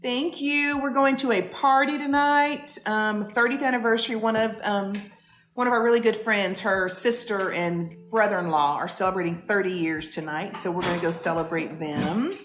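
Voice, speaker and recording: A woman's voice: medium pitch, fairly even intonation, moderate pace, fairly bright tone, echoey room, faint music behind. A woman co-hosting a casual live stream from a home kitchen, chatting and reading out viewers' comments. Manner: chatty, laughing, greets viewers.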